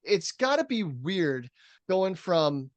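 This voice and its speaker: A man with a high-pitched voice speaks slowly on a podcast he co-hosts, the recording dry and muffled. He chats casually about baseball, running through stats in a steady rundown peppered with fillers.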